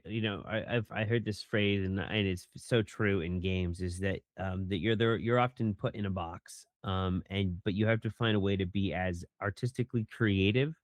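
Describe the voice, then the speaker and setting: A man's voice: lowish voice, no room sound. A man, a voice director and actor, answering interview questions in a rambling, casual way with many fillers. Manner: rambling, many fillers, acts out line readings.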